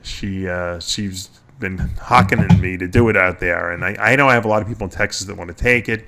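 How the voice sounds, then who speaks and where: A man's voice: low-pitched, brisk, vocal fry, sharp tone, slight background noise. A middle-aged man hosting a radio show, chatting casually in a rambling way and chuckling often. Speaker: podcast host.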